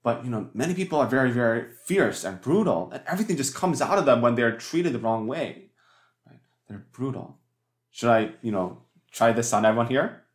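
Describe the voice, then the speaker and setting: A man's voice: medium pitch, animated, a little fast. A man preaching a sermon as pastor, talking conversationally with many fillers and restarts and asking the congregation rhetorical questions. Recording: echoey church hall.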